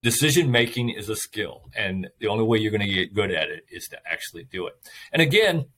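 A man's voice: fairly low pitch, lively intonation, fairly quick, sharp tone. A man in a casual conversation, speaking emphatically and repeating his key points like a seasoned speaker to students.

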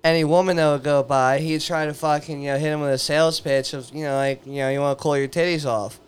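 Young male co-host, casual storyteller, swears freely, acts out quotes, smooth clear voice. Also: fairly high pitch, level tone, fast.

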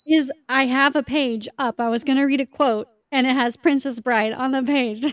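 A woman's voice: high-pitched, steady tone, moderate pace, no room sound, studio quality. A woman hosting a podcast interview, chatting casually and peppering her speech with "like". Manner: chatty, filler-heavy, often says "like". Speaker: podcast host.

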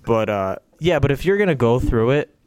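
A man's voice: mid-range voice, moderate pace, clean tone, no room sound. A man co-hosting a casual sports podcast, talking bluntly with a lot of swearing. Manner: blunt, profane, animated. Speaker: podcast co-host.

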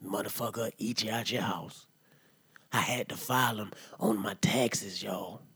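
A man doing a husky rowdy drunk uncle. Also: a little slow, no room sound. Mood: ranting. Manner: loud profane rant, swings to low mutters. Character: rowdy drunk middle-aged uncle ranting. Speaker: comedy podcast character. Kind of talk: comedic monologue.

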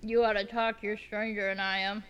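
A woman's voice: mid-range voice, little pitch movement, moderate pace, a bit bright. A woman chatting casually on a podcast, teasing the others with dry humor. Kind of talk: casual chat.

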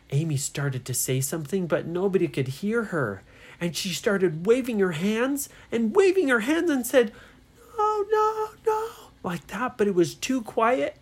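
A woman telling a children's bedtime story, slow and soft, playing up the characters' voices. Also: lowish voice.

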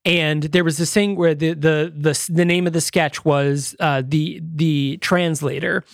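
A man's voice: a little high, fairly even intonation, measured pace, vocal fry, dry recording, clean studio sound. A man co-hosting a casual movie review podcast, rambling with lots of fillers and restarts. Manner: rambling, many fillers and restarts, laughs often. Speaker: podcast co-host.

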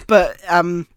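A man chatting casually, reacting to a story with quick exclamations. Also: sits high, fairly bright tone, no room sound, clean studio sound. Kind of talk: casual chat.

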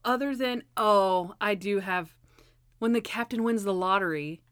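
A woman's voice: medium pitch, a little slow, a bit bright, smooth, no echo, clean studio sound. A woman co-hosting a casual chat about a TV episode, animatedly retelling scenes. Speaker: podcast co-host.

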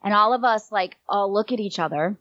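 A woman's voice: mid-range voice, a little fast, a bit bright, no room sound. A middle-aged woman telling a personal story in casual chat, rambling a little with frequent fillers. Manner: rambling, fills with um and like. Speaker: guest. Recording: dull, slightly lo-fi dry sound.

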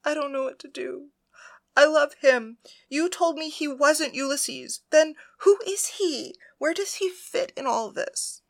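A young priestess, loving and anxious, speaks in a bright, clear tone, as a woman reads her lines. The delivery is earnest and heartfelt, in the manner of a storybook audiobook. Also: mid-range voice, normal speed, natural voice. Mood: distressed. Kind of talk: audiobook dialogue reading.

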